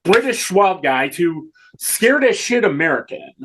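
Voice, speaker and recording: A man's voice: sits high, very animated, measured pace, a bit bright, slight background noise. A man co-hosting a casual film discussion, enthusiastic and swearing freely. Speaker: podcast co-host.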